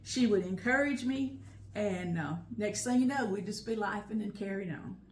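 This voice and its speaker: A woman's voice: mid-range voice, moderate pace, reverberant, a little hiss or hum. An older woman, reminiscing at home in a heartfelt, emotional way that often breaks into laughter. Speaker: home vlog host. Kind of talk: personal reminiscing storytelling. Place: at home, indoors.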